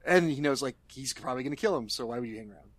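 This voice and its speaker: A man's voice: mid-range voice, rapid-fire, no room sound. A man co-hosting a casual movie review chat, laughing often and swearing as he tells scenes. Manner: laughing, profane, animated storytelling. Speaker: podcast co-host.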